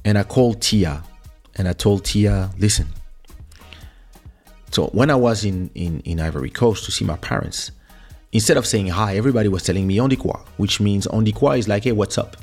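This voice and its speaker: A French man with a lowish, darkish voice hosts a podcast at a moderate pace, casually reminiscing about his music career. As he recalls the story, he often repeats words and restarts.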